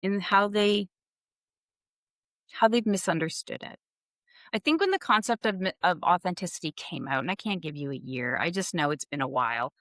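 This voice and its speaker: A woman's voice: lowish voice, expressive, moderate pace, fairly bright tone, dry recording, clean studio sound. A woman executive coach talking candidly and reflectively as a podcast guest, laughing lightly and posing questions to herself. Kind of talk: conversational podcast interview.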